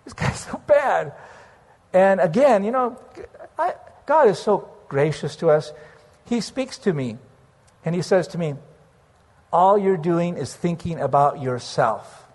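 Male preacher, earnest storyteller, lightly raised pitch, long hall reverb. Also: expressive, unhurried, pauses often, darkish tone. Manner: earnest storytelling, slips into praying aloud. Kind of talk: sermon testimony.

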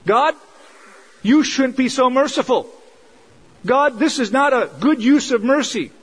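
A preacher acting out an indignant, pleading prophet. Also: male voice, moderate pace, low-quality recording. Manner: pleading, indignant, rising in pitch. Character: angry desperate male prophet pleading with God.

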